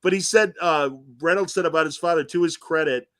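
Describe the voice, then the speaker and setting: Middle-aged guy rambling on a podcast, kinda high voice, dead dry mic. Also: brisk, fairly bright tone, dry recording. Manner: rambling with frequent fillers and restarts. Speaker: podcast co-host. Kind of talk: casual chat.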